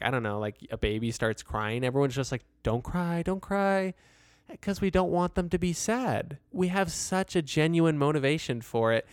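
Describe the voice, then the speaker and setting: Man, casual advice talk, earnest and rambling, crisp clear voice, mid pitch. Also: dry recording, clean studio sound. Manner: earnest and rambling, with frequent "like" fillers and laughs. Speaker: advice speaker.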